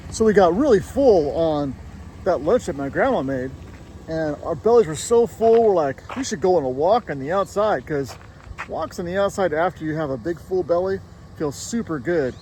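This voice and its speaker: A man spins an improvised bedtime story for a child, his voice sitting fairly high. He is playful and animated, sometimes lowering to a hush for suspense. A faint hiss sits under the recording. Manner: playful and animated, with spooky hushed moments.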